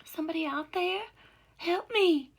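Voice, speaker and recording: A woman reading a story aloud, voicing a desperate woman crying out for help from a riverbank in high, strained cries. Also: unhurried.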